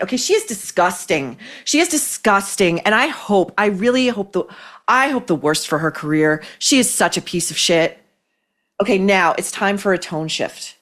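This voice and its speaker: A woman hosting an opinionated commentary show, talking in a scathing, fast-flowing way with frequent restarts. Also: medium pitch, animated, fairly bright tone. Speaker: host.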